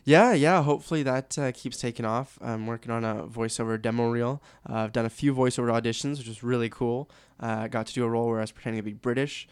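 A man's voice: medium pitch, steady tone, fast talker, few pauses, clear, resonant tone, dry recording, studio quality. A young man from Canada, a sports announcer guest, chatting candidly and laughing easily. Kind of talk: casual interview chat.

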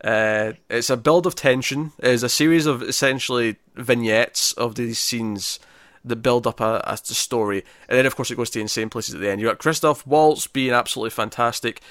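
A man's voice: mid-range voice, normal speed, fairly bright tone, no echo, studio quality. A man co-hosting a casual movie-ranking chat, talking enthusiastically, laughing often and restarting his sentences. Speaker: podcast co-host ranking movies.

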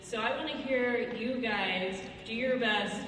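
A woman's voice: a little high, slow pace, very noisy. A woman asking a convention panel a question, hesitant and polite. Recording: echoey convention hall from far off.

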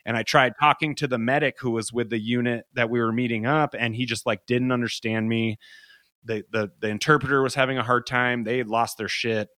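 A man's voice: medium pitch, fairly even intonation, a little fast, bright, forceful tone, no room sound, studio quality. Young male guest, mid-range voice, swears freely, rambling storyteller. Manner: loose and profane, heavy use of "like". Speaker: podcast guest. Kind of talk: casual spoken storytelling.

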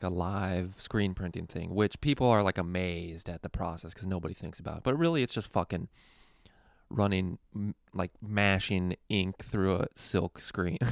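A man's voice: low voice, creaky, dry recording, studio quality. A man telling a rambling, profane work story casually, with a lot of laughing.

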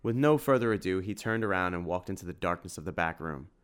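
Smooth low-voiced male narrator. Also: lively intonation, fast. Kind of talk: audiobook narration.

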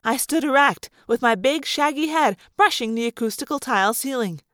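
A woman narrating a novel aloud in first person with expressive storytelling. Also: sits high, normal speed, dry recording, clean studio sound. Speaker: audiobook reader.

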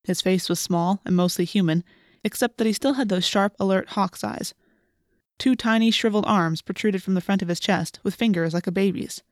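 A woman narrating a first-person audiobook in a steady, plain storytelling manner. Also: mid-range voice, normal speed, no echo, clean studio sound.

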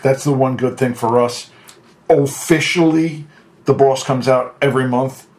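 A man's voice: medium pitch, fairly even intonation, unhurried, darkish tone. A man co-hosting a podcast in casual chat, making dry, sarcastic asides. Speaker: podcast co-host.

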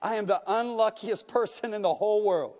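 A man's voice: fairly high pitch, takes it slowly, warm tone. A man doing a terrified, stammering boy. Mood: panicked. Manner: stammering, panicky, pleading. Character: frightened young boy, lonely and pleading. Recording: long reverb of a church hall.

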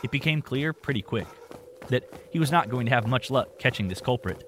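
A man narrating a story in a steady, plain storytelling manner. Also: mid-range voice, fairly quick, a little hiss or hum.

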